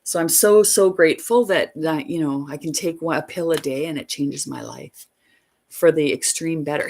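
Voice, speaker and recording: A woman's voice: sits low, moderate pace, vocal fry, a little mellow. A woman hosting a livestream, telling a long story in a rambling, emphatic way. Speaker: livestream host.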